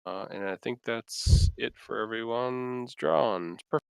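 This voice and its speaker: A man narrating as dungeon master of a tabletop game, halting and full of fillers. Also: mid-range voice, expressive, vocal fry, clean tone, dry recording.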